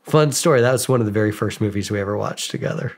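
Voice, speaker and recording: A man, a podcast guest, telling casual stories about himself in a lively, self-mocking way, acting out bits of dialogue. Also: fairly low pitch, fast. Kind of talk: casual storytelling. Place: podcast studio.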